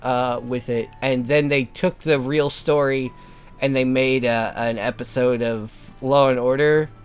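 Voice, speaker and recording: A woman's voice: very deep voice, steady tone, a little slow, clean tone, faint music behind. A woman guest chatting casually over a game, rambling and trailing off mid-thought. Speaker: guest co-player.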